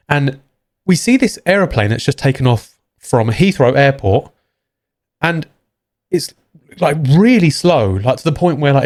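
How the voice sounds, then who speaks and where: A man's voice: medium pitch, darkish tone. A young man giving loose, chatty reaction commentary, calling everyone mate. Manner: chatty, calls people mate, rambling asides. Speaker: reaction video host.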